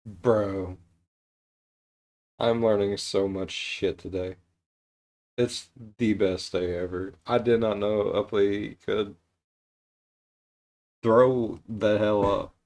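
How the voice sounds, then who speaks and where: A man hosting a reaction video, commenting in an excitable, sweary way. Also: lowish voice, slow pace, long pauses.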